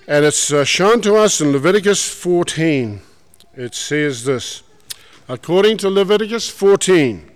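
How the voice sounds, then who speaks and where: A man preaching a sermon, folksy and animated, putting questions to the congregation. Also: a little high, clean tone. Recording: long hall reverb.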